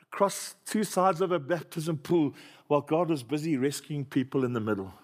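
Pastor preaching with humor. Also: male voice, a little high, normal speed. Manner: storytelling, humorous, call-and-response with congregation. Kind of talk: sermon.

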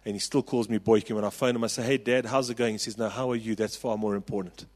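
A South African man in his forties preaching a sermon, telling a personal story with passion and rising to loud calls. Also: fairly low pitch, fairly even intonation, fast talker, in a large hall. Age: 40s. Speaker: pastor.

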